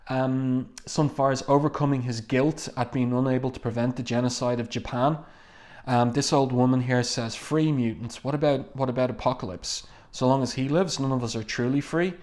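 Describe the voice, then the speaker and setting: A man talks through a comic issue panel by panel in an unhurried, reflective tone. His voice sits at an ordinary middle pitch, and he often stops to gather his thoughts before he continues. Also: a little mellow. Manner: measured, reflective, pausing often to find words. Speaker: comic book reviewer. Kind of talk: casual page-by-page commentary.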